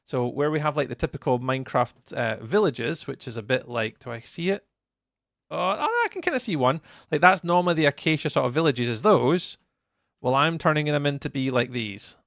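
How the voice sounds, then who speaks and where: A man's voice: mid-range voice, expressive, brisk, a bit bright, no room sound, clean studio sound. A Scottish man chatting casually with viewers while commentating a live game stream. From Scotland. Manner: friendly, chatty, greets viewers by name.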